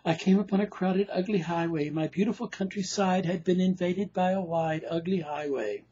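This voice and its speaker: A man's voice: high-pitched, moderate pace, warm tone, husky. A man playing an anxious, self-dramatizing patient, delivering rhyming lines with dramatic, plaintive emphasis. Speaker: performer reading a play. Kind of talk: theatrical monologue. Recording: dull lo-fi recording.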